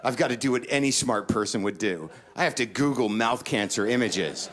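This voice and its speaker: A middle-aged man doing a stand-up comedy set, ranting neurotically and jumping into panicked high-pitched voices. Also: expressive, brisk, a bit bright. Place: comedy stage before a laughing audience.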